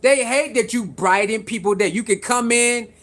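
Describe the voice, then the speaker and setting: A vlogger giving casual sports commentary to camera, animated and repetitive, firing rhetorical questions at viewers and laughing between points. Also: medium pitch, normal speed.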